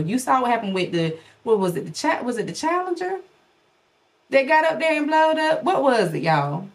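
A woman's voice: high voice, big pitch swings, moderate pace. A woman hosting a podcast in casual commentary, sassy and dramatic, rambling with rhetorical questions. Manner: dramatic, exaggerated storytelling. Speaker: podcast host.

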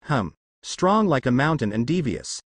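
A man's voice: mid-range voice, sing-song, a little slow, no echo. A devious male fox spirit living in a hero's head, drowsy and smug, as a male reader does him. Dry, close sound. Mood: sly. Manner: drowsy and pleased.

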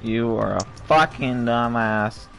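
A man's voice: mid-range voice, takes it slowly, gravelly, a bit bright. A man chats loosely while playing a shooter with a friend, cursing constantly and teasing her with a laugh in his voice. Game music plays faintly underneath. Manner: sweary, teasing, laughs often. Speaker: channel host playing co-op. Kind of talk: casual gaming chat.

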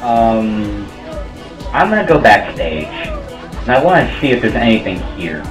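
A man's voice: mid-range voice, sing-song, measured pace, echoey room, over music, poor audio. A man with a sore throat giving rambling, self-mocking casual commentary while playing a game. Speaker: gamer.

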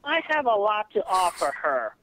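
A man's voice: high-pitched, big pitch swings, moderate pace, bright, forceful tone, slight background noise. A man speaking stiffly and formally on a phone call, stammering and repeating words. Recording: muffled lo-fi call recording.

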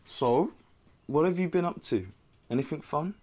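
A man's voice: a little high, normal speed, a crowd in the background, lightly acted. An actor playing a friendly young man, chatting casually with his mother on a video call in a live-action game. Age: young adult. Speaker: adult son on a video call. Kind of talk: FMV game acting.

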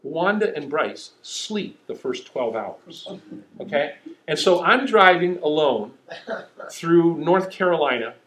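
A man's voice: a little high, takes it slowly. Storytelling preacher man in an echoey hall. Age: middle-aged. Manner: storytelling, animated and self-mocking. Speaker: pastor. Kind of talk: sermon.

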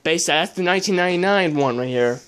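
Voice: mid-range voice, fast, a loud crowd. A young adult host muttering casual commentary while opening trading card packs, often swearing in frustration.

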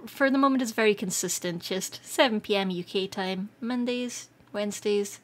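A Scottish woman streaming live, chatting casually with viewers, excitable and quick to laugh. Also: mid-range voice. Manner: excitable and giggly, laughs often. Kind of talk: casual livestream chat.

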